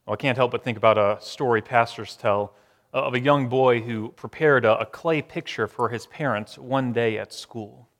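A man preaching a sermon, shifting between strong emphasis and quiet, hushed phrases with long pauses. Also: medium pitch, big-room sound. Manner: dramatic pauses, swings from loud to hushed. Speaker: pastor.

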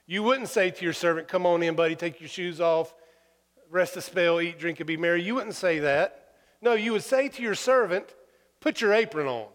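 A man voicing Jesus as a teasing storyteller, lively and mock-incredulous as he quizzes his followers, with long hall reverb. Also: sits high, moderate pace, lightly acted. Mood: emphatic.

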